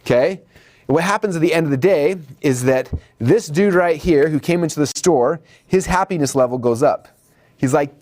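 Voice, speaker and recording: A man giving a marketing lesson at a whiteboard, animated, acting out shoppers and salespeople in raised voices. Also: brisk, dry recording. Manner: animated, acts out customer dialogue in high voices. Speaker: marketing instructor. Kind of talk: whiteboard lecture.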